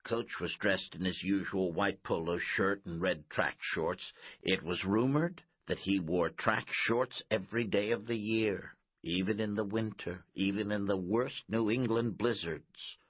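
Deep, husky man narrating an audiobook. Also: dry recording, muffled recording. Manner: measured, expressive.

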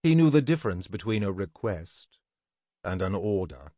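Low-voiced male storyteller. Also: sing-song, normal speed, warm tone, dry recording, studio quality. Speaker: narrator. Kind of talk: scripted fantasy story narration.

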